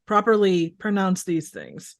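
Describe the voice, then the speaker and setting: A woman guesting on a casual movie podcast, enthusiastic and quick to laugh, sometimes searching for words. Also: lowish voice, huge pitch swings, gravelly.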